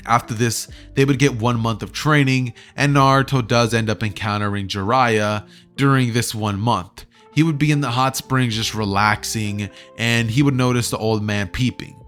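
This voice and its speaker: A man's voice: mid-range voice, fairly even intonation, normal speed, a bit bright, faint music behind. A young man casually retelling a fan story as a YouTuber. He rambles and fills his talk with "like" and "you know".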